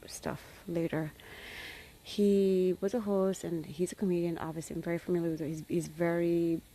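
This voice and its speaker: A woman's voice: lowish voice, warm tone. A woman talking casually to her followers, chatty and rambling, often dropping into whispered asides. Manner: chatty and rambling, with playful greetings. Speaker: vlogger.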